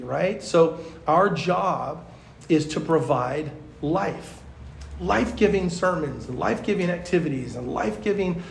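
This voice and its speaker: A man, a pastor, teaching at a youth conference in a chatty, animated storytelling way, full of fillers. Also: on the high side, a little slow, creaky, a little hiss or hum. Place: large conference hall. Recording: echoey hall.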